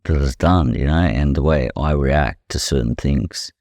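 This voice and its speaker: A man's voice: rumbling low, unhurried, a little mellow, dry recording, clean studio sound. A young Australian man, a professional boxer, speaking candidly as a podcast guest. He talks bluntly, swears freely and keeps saying "you know". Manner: blunt and profane, leans heavily on "you know". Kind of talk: candid conversational storytelling.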